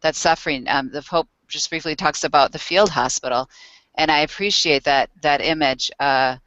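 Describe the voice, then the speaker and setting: Measured, academic woman on a panel. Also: low-pitched, steady tone, fairly bright tone, no echo, dull audio. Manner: measured, academic, repeats words. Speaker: panelist, pastoral studies scholar. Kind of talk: panel discussion.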